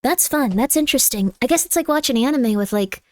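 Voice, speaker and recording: High-pitched woman streamer rambling to chat, dry close mic, kinda cooey with her cat. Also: expressive, brisk, dry recording. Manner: chatty, reads chat aloud, coos softly to her cat. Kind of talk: casual live-stream chat. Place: home room.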